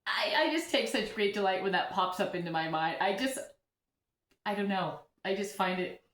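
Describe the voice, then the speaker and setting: A woman's voice: medium pitch, normal speed, fairly bright tone. A chatty woman talks about her orchids at home and keeps breaking into giggles as she pokes fun at herself. Her voice sits in the middle of the range, and the room around her has a noticeable echo. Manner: chatty, giggly, self-deprecating. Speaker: orchid vlogger. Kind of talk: casual vlog chat.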